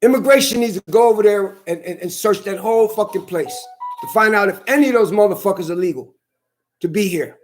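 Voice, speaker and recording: A man's voice: high-pitched, a little fast, faint music behind. A man venting in a heated, profane, repetitive rant to his camera. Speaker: vlogger. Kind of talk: angry ranting monologue.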